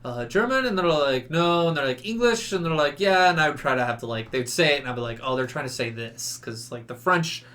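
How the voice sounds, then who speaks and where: A podcast guest with a fairly high voice recounts a trip in casual chat, talking briskly with few pauses. He's an animated storyteller, acting out quotes and laughing as he goes.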